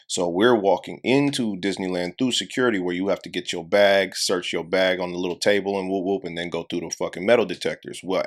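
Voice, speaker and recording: A young adult man co-hosting a podcast, telling a story in casual chat and acting out the people he quotes. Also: low voice. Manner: animated storyteller, acts out quotes, heavy profanity. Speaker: podcast co-host.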